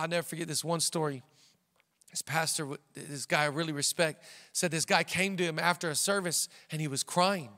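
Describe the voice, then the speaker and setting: A man's voice: a little high, fairly bright tone, in a large hall. A man pastor preaching a sermon with an emphatic, repetitive cadence.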